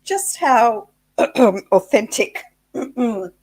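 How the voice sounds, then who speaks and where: A woman's voice: fairly high pitch, animated, very slow, a little mellow. A woman co-hosting a casual live stream, chatty and teasing as she chimes in. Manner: chatty, laughs along, teasing. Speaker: livestream co-host. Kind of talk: casual live-chat banter.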